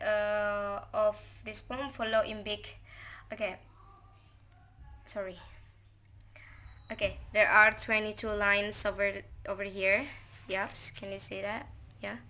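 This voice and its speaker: A woman's voice: mid-range voice, little pitch movement, slow pace, pauses often, pushed and bright. A young woman student presenting a poem analysis for an assignment, talking hesitantly with many fillers and restarts, her first language Indonesian. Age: young adult. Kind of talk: informal recorded poem analysis. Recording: faint background noise.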